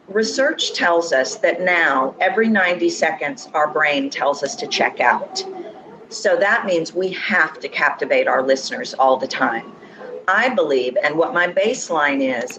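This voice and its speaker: A woman accent coach explaining her views as a podcast guest, confident and emphatic. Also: low voice. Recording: audible background noise.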